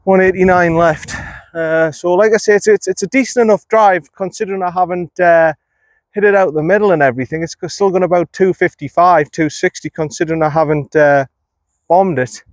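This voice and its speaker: A man's voice: sits high, fairly quick, dry recording. Self-critical man commentating his golf. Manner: self-critical, talks to himself. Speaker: golf vlogger. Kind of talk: running commentary while playing golf. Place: outdoors on an empty golf course. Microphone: phone camera.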